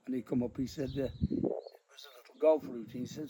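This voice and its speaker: An older man, a comedian being interviewed, telling animated stories and acting out the voices. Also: medium pitch, a little fast. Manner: animated, laughs through his stories, acts out voices. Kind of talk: anecdotal storytelling. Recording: noisy background.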